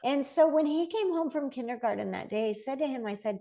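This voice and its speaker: Animated storytelling woman with vocal fry. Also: high-pitched, a little fast. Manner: animated, quotes voices as she tells stories, laughs lightly. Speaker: medium, interview guest. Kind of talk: conversational storytelling.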